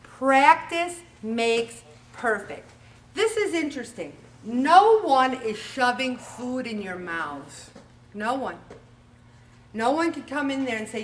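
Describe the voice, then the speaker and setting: A woman in her forties hosting a motivational weight-loss talk, animated and acting out little scenes as she goes. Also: sits high, slow, recorded from a distance, slight background noise. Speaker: weight-loss show host.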